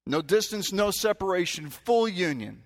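A man's voice: high voice, expressive, normal speed. A man preaching a sermon from a stage, talking conversationally and then breaking into sudden emphatic rises. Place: stage in a church hall. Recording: long hall reverb.

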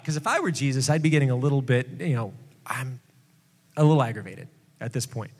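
A man, a pastor, preaching a sermon in a relaxed, conversational way with joking asides. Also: medium pitch, a little fast, breathy edge, long reverb tail.

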